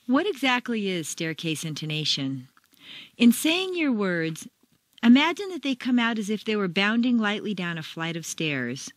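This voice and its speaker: Woman narrator for a pronunciation course, measured delivery, lively pitch, dry close sound. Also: no echo. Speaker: pronunciation teacher. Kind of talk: scripted instructional narration.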